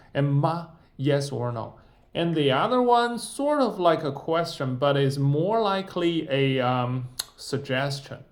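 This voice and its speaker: A man with a somewhat high voice teaches Mandarin at a very slow, deliberate pace. He drills each syllable several times to model its pronunciation. The recording is roomy and echoey. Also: animated. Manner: slow, demonstrative pronunciation drills, repeating sounds. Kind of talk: short-form language lesson.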